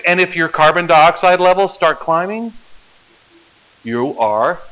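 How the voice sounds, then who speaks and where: Guy lecturing biology in a classroom, kinda high voice, keeps asking if it makes sense, muffled old recording. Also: fairly bright tone. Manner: explains step by step, keeps checking the class follows. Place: lecture hall.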